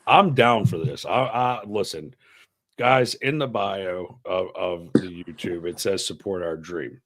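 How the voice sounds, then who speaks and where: Man, low-ish voice, profane, animated storyteller, casual podcast chat. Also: a little slow. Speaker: podcast co-host.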